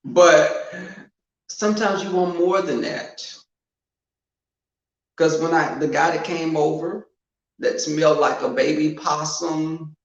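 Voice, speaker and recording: A man's voice: fairly high pitch, fairly even intonation, takes it slowly, long pauses. A man hosting a casual live-stream chat, frank and sassy as he talks straight to his viewers. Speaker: host of a live online show. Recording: echoey, dull-sounding room recording.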